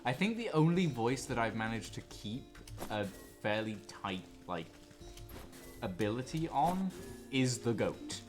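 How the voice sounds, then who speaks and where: A man's voice: medium pitch, sing-song, measured pace. A man streaming a game, chatting casually with chuckling, self-mocking asides. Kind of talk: casual gameplay chat. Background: game music.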